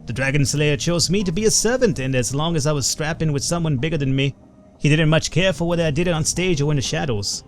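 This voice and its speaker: A man voicing a rowdy, gruff older male punk-rocker mage in a put-on Irish accent while reading game dialogue. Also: a little high, fast, voice pushed up, lightly acted. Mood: swaggering.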